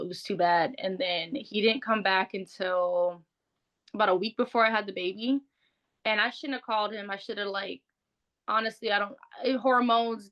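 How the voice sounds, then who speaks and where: A woman's voice: mid-range voice, pushed and bright. A woman speaking as an interview guest, telling a personal story in a frank, conversational way with lots of "like". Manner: frank, conversational, heavy use of "like".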